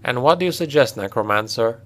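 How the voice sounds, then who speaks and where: A man's voice: medium pitch, lively intonation, fairly quick, fairly bright tone, lightly acted. A man doing a blunt mercenary captain. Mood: urgent.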